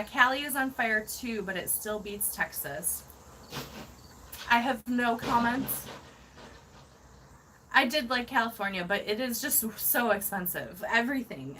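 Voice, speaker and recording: A woman's voice: medium pitch, sharp tone, slight background noise, low-quality recording. A woman hosting a casual van-life livestream, reading viewer comments and gushing with thanks, laughing often.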